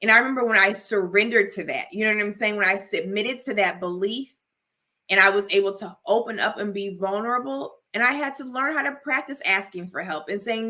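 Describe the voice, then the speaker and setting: A woman's voice: medium pitch, fairly quick, sharp tone. A young adult woman, a host and life coach, talking straight to her viewers in an emphatic, repetitive, personal and preachy way. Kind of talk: direct-to-camera talk to viewers.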